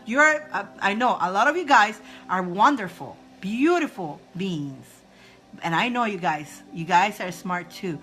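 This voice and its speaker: A woman's voice: mid-range voice, animated, unhurried, fairly bright tone. A woman from Egypt hosting a casual spiritual advice talk, playful and laughing often as she leads viewers in roaring breath exercises.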